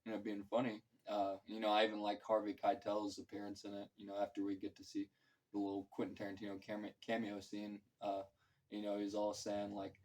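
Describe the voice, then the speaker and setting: Rambling low-voiced man reviewing a film. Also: monotone, brisk, darkish tone, low-quality recording. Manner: filler-heavy, loose and profane, acts out quotes. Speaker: movie reviewer.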